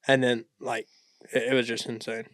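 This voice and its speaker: A man's voice: medium pitch, moderate pace, dry recording, clean studio sound. A young man co-hosting a podcast, chatting casually and rambling through stories with lots of fillers. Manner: relaxed, rambling storyteller with many fillers. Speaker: podcast co-host. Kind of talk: casual chat.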